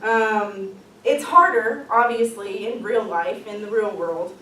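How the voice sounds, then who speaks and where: A woman with a mid-range voice speaks slowly in a sharp tone, presenting a leadership workshop in an upbeat, casual manner full of ums and light laughs. She sounds distant in an echoey room, with a slight hiss or hum on the recording.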